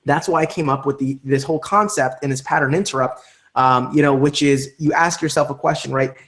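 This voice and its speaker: A man leading a live online training session for network marketers, talking in an energetic, emphatic coaching way. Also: mid-range voice, a little fast.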